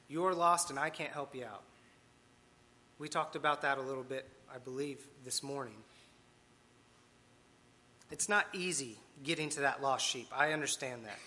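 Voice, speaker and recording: A man's voice: on the high side, sharp tone. A man preaching a conversational sermon with asides and self-deprecating humor. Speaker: lay preacher.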